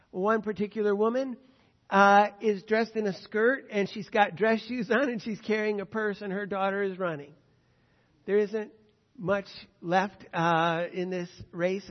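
High-voiced man preaching in a church hall. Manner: storytelling, rising to emphatic passages then hushed. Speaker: pastor. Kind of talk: sermon. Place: church sanctuary. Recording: muffled sound in a large reverberant church hall.

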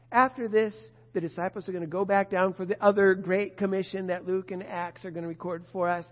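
A pastor preaching a sermon to his congregation, emphatic and expressive. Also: high voice, a little fast. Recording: dull lo-fi sound with long reverb.

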